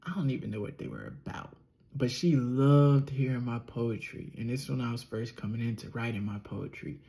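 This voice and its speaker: A young man telling a personal story as a relaxed podcast monologue, slightly nasal and often chuckling or trailing off. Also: mid-range voice, normal speed, creaky. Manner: laid-back, chuckling, trails off with ums. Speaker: podcast host.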